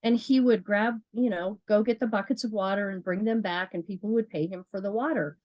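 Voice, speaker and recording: Female trainer, mid pitch, earnest and chatty, dry studio sound. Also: fairly even intonation, brisk, no room sound, lo-fi sound. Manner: earnest, repeats words, asks herself questions. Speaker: business trainer. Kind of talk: motivational sales training talk.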